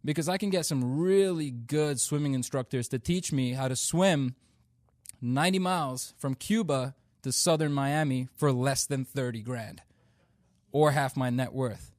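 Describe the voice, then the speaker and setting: A man's voice: mid-range voice, measured pace, darkish tone, no room sound, clean studio sound. A young man from India performing a stand-up comedy routine, telling stories in a playful, self-deprecating way.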